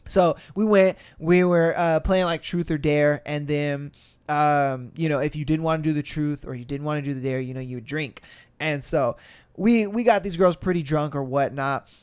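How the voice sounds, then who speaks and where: Animated storytelling man, high voice. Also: smooth. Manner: animated, acts out quotes with shifting pitch and volume, laughs and swears often. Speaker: podcast host. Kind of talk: casual storytelling.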